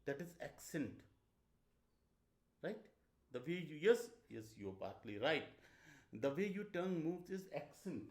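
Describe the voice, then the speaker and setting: A man's voice: on the high side, sing-song, measured pace, pauses often. A man giving a university lecture to a class, asking questions and repeating phrases. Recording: echoey classroom, speaker far from mic.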